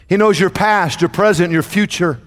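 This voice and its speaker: A man's voice: sits high, normal speed, long reverb tail. A man preaching a sermon to his congregation, with a dramatic call-and-response cadence. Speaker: pastor.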